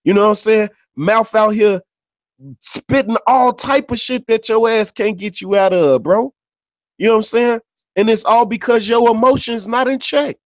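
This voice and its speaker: In a somewhat high voice at a moderate pace, a man tells stories on a podcast he co-hosts, using street slang, cursing freely and dropping filler tags after almost every phrase. The recording is close and dry, without echo.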